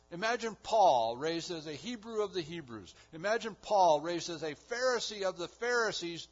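A man preaching a sermon, building emphasis with repeated phrases. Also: on the high side. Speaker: pastor. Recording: dull lo-fi recording.

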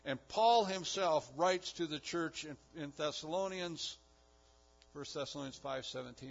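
Husky-voiced man preaching a sermon. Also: fairly high pitch, moderate pace. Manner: emphatic, building with repeated phrases. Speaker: pastor. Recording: dull lo-fi recording.

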